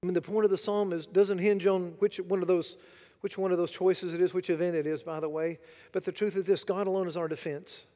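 A man preaching a sermon, dramatic and rhetorical, swinging between loud declarations and hushed asides. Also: sits high, flat delivery, fairly quick, big-room sound. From United States. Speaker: pastor.

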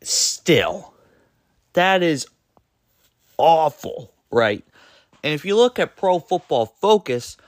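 A male podcast host delivers a loose, rambling rant that keeps stumbling and correcting itself. His somewhat high voice swings widely in pitch as he hammers his points home. The sound is close and dry. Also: no echo. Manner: exasperated and emphatic, with frequent rhetorical questions; loose and rambling, trips over words and self-corrects. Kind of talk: solo sports podcast rant.

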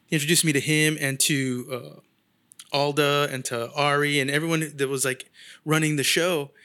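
Brief: man, slightly higher voice, casual storyteller, animated, acts out quotes. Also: moderate pace. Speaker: guest artist.

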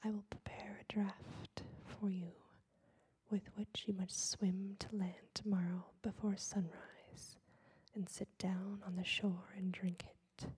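A woman's voice: mid-range voice, little pitch movement, slow, darkish tone, breathy edge. A woman voicing a cruel, scheming sea witch in a whispered role-play, cold and mocking. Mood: mocking menace.

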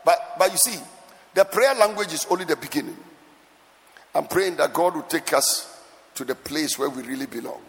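A man preaching a sermon with emphatic repetition, swinging between soft asides and loud exclamations, at times half-singing his lines. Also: a little high, moderate pace, long reverb tail. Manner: sometimes lapses into a sung cadence.

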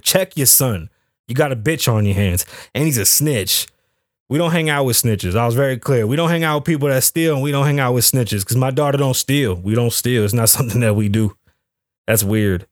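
A man's voice: mid-range voice, no room sound, studio quality. A middle-aged man hosting a podcast, telling a story in a brash, profane, boastful way and slipping into voices of the people in it. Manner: profane, boastful, mimics others mid-story. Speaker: podcast host. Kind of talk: animated storytelling rant.

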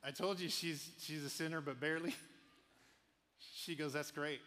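A man preaching a sermon, telling animated personal stories and laughing often. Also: on the high side, normal speed, big-room sound, slight background noise. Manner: animated storyteller, laughs often, quotes people. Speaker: pastor.

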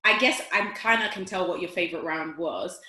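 A woman's voice: lowish voice, fairly quick, bright, forceful tone, roomy sound. A woman interviewing a guest in a friendly, encouraging way. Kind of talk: casual interview chat.

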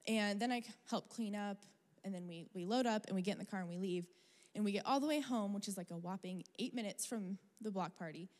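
A woman's voice: mid-range voice, fairly quick. Woman preaching in an echoing hall. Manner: conversational, animated storytelling with fillers. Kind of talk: sermon with personal story. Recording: long reverb of a large hall.

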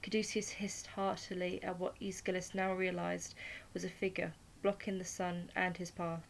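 A woman reading a short story aloud as narrator, at a steady, unhurried pace. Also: lowish voice, gravelly, a little hiss or hum, poor audio.

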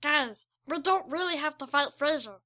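A woman voicing a level-headed boy companion who reasons calmly. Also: high-pitched, normal speed, voice pushed up.

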